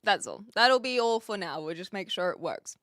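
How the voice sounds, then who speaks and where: A woman's voice: medium pitch, lively intonation, normal speed, a bit bright, dry recording, clean studio sound. Chatty New Zealand woman streamer. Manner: chatty, thinking aloud while setting up a chat bot. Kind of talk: casual live-stream chat. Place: home room with brick walls.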